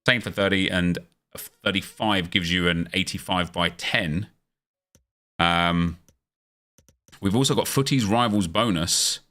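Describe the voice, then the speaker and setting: A man's voice: sits low, sharp tone. A man hosting a gaming livestream, chatting casually with viewers and switching into an upbeat video-host delivery. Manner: chatty, quick back-and-forth with viewers, hype intro energy.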